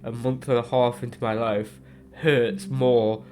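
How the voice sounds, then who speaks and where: A man's voice: medium pitch, flat delivery, a little slow, darkish tone, a little hiss or hum. A young man vlogging casually about a book, rambling and emotional, with nervous laughs. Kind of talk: casual reading vlog.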